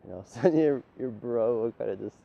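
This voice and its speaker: A man's voice: medium pitch, quick pace, creaky, a little hiss or hum. A man delivering a rambling, profane, lecturing monologue straight at the listener. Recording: dull lo-fi recording with faint ambience.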